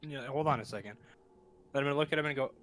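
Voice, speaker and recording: A man's voice: medium pitch, racing, fairly bright tone. A man playing a tabletop game, blunt and swearing casually. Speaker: player.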